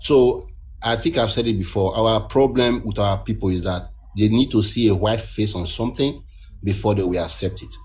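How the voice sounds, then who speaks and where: A man speaks in a fairly low voice. He talks earnestly and at length in a casual discussion, and he often restarts his phrases as he explains a point. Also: moderate pace. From Nigeria. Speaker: guest caller.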